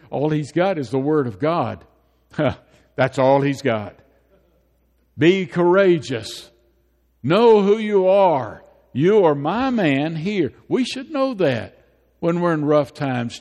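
A man's voice: high-pitched, a little mellow, in a large hall. A man preaching a sermon, asking rhetorical questions and repeating his points over and over. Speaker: pastor.

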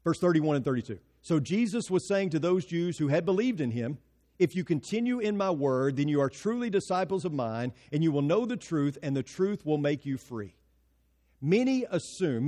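A man preaching a sermon as pastor, emphatic, asking rhetorical questions and dropping to quiet, pointed lines. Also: fairly high pitch, very animated, moderate pace, big-room sound.

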